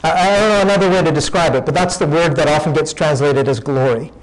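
Conversational preacher man, slightly high voice. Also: quick pace, rough recording. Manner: conversational teaching with repeated restarts. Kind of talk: sermon.

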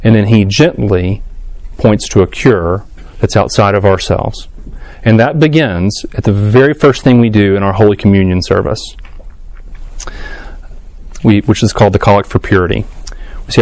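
A man's voice: lowish voice, moderate pace, long pauses, darkish tone, dry recording. A man leading a casual church class, thinking aloud with ums and restarts and putting questions to the group. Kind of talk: casual adult class lecture.

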